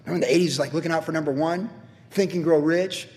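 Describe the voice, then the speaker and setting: Male pastor, verse-by-verse sermon, conversational and animated, slightly high voice, long reverb. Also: fast talker. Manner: conversational, animated, asks "right?" often.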